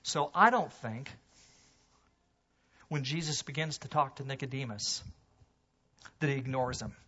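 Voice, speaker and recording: A man preaching a sermon to his congregation, animated, swinging from loud emphasis to hushed low asides. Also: measured pace, lo-fi sound. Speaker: pastor. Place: church sanctuary.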